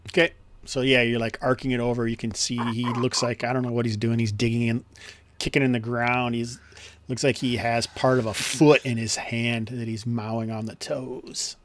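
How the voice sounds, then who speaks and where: A man's voice: medium pitch, level tone, moderate pace, slight background noise. A man running an online tabletop game as game master, explaining rules with many fillers and restarts. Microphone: headset or desk mic on a video call.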